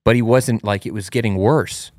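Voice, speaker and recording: Low-voiced man telling a story, animated. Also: moderate pace, no echo, clean studio sound. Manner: animated, acts out his child's cries in a high voice. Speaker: host. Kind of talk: casual storytelling chat.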